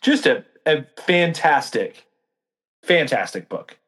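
A man with a fairly high voice in a relaxed book discussion. He thinks aloud, hunts for the right word and keeps checking in with his co-host. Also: takes it slowly, breathy edge. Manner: thoughtful, searching for words, frequent "right?" checks.

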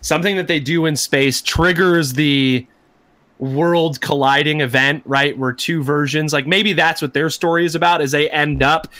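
A man chats casually about comics in a playful, joking way, often checking in with "right?". His voice sits a little high. The sound is dry and close, with no room around it. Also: steady tone, normal speed, pushed and bright, no room sound. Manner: playful, jokey, builds ideas with repeated "right?". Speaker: podcast co-host.

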